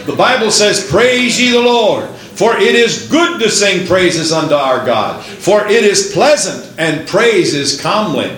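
A high-pitched male preacher delivers his sermon with an emphatic, rolling cadence and presses the congregation with rhetorical questions. His voice rings through a roomy, echoing church. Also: animated, a little slow, few pauses, a bit bright.

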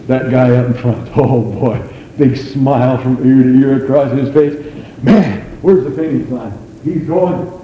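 A man preaching a sermon in an animated, folksy way, with frequent exclamations. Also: mid-range voice, unhurried. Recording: echoey hall with faint noise.

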